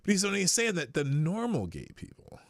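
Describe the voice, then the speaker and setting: Man, live show host, rambling, profane, lively swooping pitch, dry close sound. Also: brisk, no room sound. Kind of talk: casual commentary.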